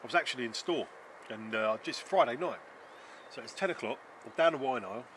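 A man's voice: mid-range voice, animated, brisk, fairly bright tone, slight background noise. A man chatting casually at a forest camp, swearing and laughing as he tells stories. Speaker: channel host.

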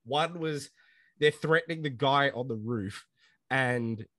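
A man co-hosting a casual comic book podcast, animated, laughing often and acting out quotes. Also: mid-range voice, takes it slowly, dry recording. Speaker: podcast co-host. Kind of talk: casual chat.

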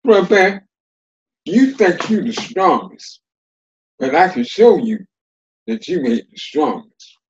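A man voicing a small, slow male terrapin who is humble and sly, speaking in a high, wailing voice. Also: very animated, dull audio, slight background noise, heavily acted. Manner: plaintive, wailing.

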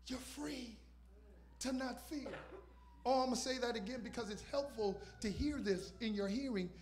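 High-voiced preaching man in his fifties. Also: moderate pace, darkish tone. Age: 50s. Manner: emphatic preaching with repetition and call-outs. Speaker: pastor. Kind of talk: sermon.

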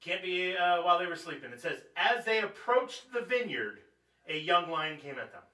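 A man's voice: sits high, big pitch swings, normal speed, bright, forceful tone. A man preaching at a Bible study in a conversational, joking way, asking his audience questions as he goes. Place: church. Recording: echoey room, distant mic.

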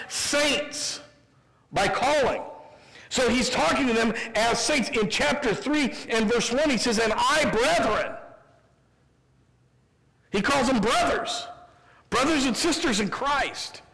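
Midwestern American male pastor, lively sermon delivery, gravelly edge, long church reverb. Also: high voice. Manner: humorous, animated preaching with quick asides. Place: church sanctuary.

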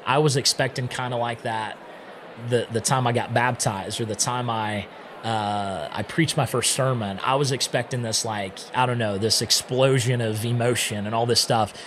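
A man who is a podcast guest, telling his own story in a casual, animated way and often acting out what he once said. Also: medium pitch, moderate pace, background noise.

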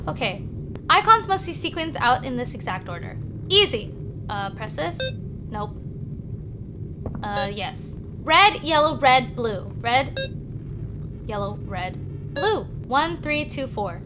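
A young woman playing a horror game, reacting in a jumpy, excitable and panicky way. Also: high-pitched, slow pace, background noise. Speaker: gaming channel host. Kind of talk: horror game let's play commentary. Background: game music.

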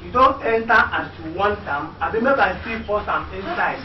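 An actor playing a coaxing, apologetic worker who speaks Nigerian Pidgin. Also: male voice, high voice, expressive, normal speed, reverberant. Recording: distant, muffled, loud noise.

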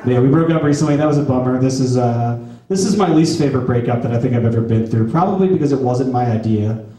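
Deadpan man in his thirties doing stand-up. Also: mid-range voice, fast. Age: 30s. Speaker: stand-up comedian. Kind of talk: stand-up set. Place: back room of a skate shop, live audience. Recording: echoey room from far off, audience audible.

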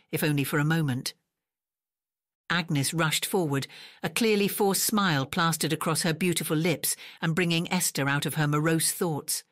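A woman narrating a romance audiobook in a measured, even storytelling manner, recorded close on a studio mic. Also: low-pitched, no room sound. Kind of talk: scripted narration.

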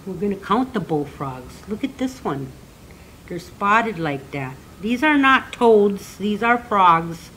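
In a slow, gentle children's lesson, an elderly teacher counts, sings, and repeats words for learners to say back, sounding very animated at a medium pitch. The audio is poor, with slight background noise.

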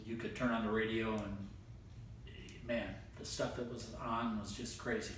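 An older man hosting a casual oldies chat, relaxed and rambling, pausing often to think. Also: on the low side, a little hiss or hum. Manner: relaxed, rambling with frequent "uh" pauses. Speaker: host. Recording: echoey room, distant mic, music underneath.

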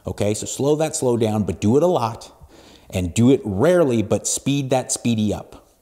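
Solo podcast host, male, forties; warm, low-brightness voice, energetic delivery that drops quiet then punches up. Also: moderate pace. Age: 40s. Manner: emphatic, profane, swings between hushed and loud. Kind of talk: solo motivational podcast talk.

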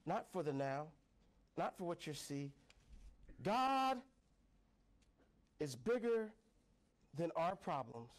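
High-voiced playful male preacher. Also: moderate pace. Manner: playful, call-and-response, laughing often. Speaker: pastor. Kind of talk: sermon. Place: church sanctuary.

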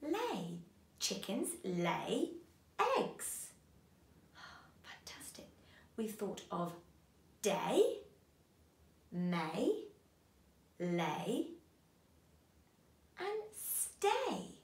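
A woman leads a children's phonics lesson, drawing out each sound slowly and with care. Her pitch swoops up and down in a bright sing-song, and the room around her rings with a noticeable echo. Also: very animated, creaky. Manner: slow, sing-song, encouraging teacher talk to young children. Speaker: phonics teacher. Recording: roomy echo.

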